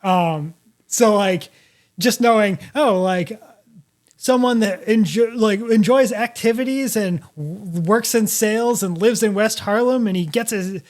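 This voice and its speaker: High-voiced hesitant male co-host. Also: a little slow, darkish tone. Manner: hesitant, filler-heavy, lots of "like". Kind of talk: casual chat.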